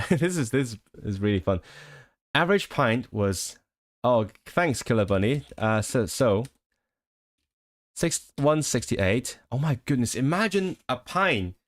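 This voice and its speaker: A man's voice: mid-range voice, sing-song, a little slow. A man chatting casually with his live-stream viewers, rambling with frequent laughs and restarts.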